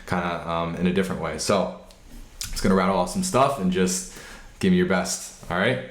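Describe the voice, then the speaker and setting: A very deep-voiced man hosts a casual podcast interview, relaxed and rambling with fillers. The room gives his voice a roomy echo. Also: fairly quick. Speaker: podcast host.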